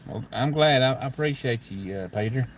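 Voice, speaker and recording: A man's voice: mid-range voice, brisk. A man with a Kentucky accent rambles through a casual livestream chat. His talk is folksy and plainspoken, and faint background noise sits under his voice. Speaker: livestream host.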